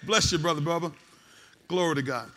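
Male pastor, high bright voice, call-and-response sermon delivery. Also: a little fast. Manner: call-and-response preaching, rising to shouts.

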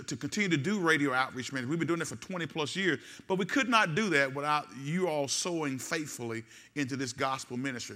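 A man preaching a sermon as pastor, calling out to the congregation and rising to shouts. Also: on the high side.

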